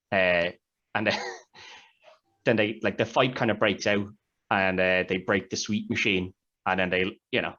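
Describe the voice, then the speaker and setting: Man with a low, dull-sounding voice. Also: fairly bright tone. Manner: rambling, retells scenes with quoted voices. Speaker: podcast co-host. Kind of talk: casual film review chat.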